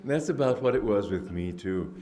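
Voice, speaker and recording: A man giving a spiritual discourse, telling stories in an unhurried, reflective way with frequent restarts and throat-clearing. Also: on the low side, expressive, dark tone, slight background noise. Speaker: spiritual teacher. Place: indoor gathering hall.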